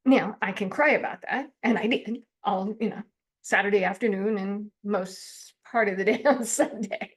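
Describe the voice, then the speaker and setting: A woman's voice: medium pitch, steady tone, moderate pace. A middle-aged woman counselor teaching a self-help method in a chatty, informal way, often laughing and acting out her own complaints.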